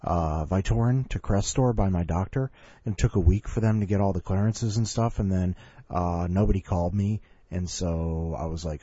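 Husky chatty male host. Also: sits low, brisk, dark tone, no room sound, lo-fi sound. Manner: chatty and self-mocking, breaks into laughter. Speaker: podcast host. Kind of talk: casual chat between segments.

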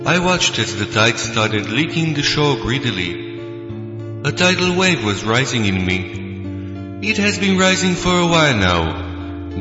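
A man hosting his own show and reading a short story in a measured, deadpan way. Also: medium pitch, roomy sound, big-room sound, lo-fi sound. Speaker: podcast host and storyteller. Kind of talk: scripted narration.

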